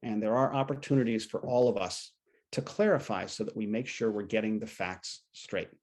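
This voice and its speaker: A man's voice: fairly low pitch, moderate pace, darkish tone. A man coaching agents in a training session on listening, conversational, acting out what clients might say. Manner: conversational, acts out client quotes.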